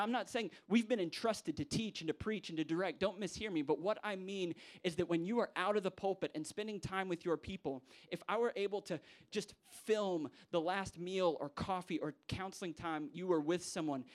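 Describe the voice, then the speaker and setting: A young man, a pastor preaching a sermon to church leaders, acting out quoted voices with big jumps in pitch. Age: young adult.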